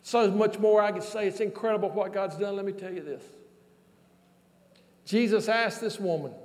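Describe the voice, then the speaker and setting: A man telling a folksy, animated sermon story as a pastor, with loud exclamations. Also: sits high, brisk. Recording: long hall reverb.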